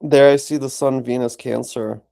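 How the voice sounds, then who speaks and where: A man calmly explaining an astrology chart in a casual consultation. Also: medium pitch, normal speed, vocal fry, dry recording. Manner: calm, explanatory, lists things in runs. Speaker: astrologer host.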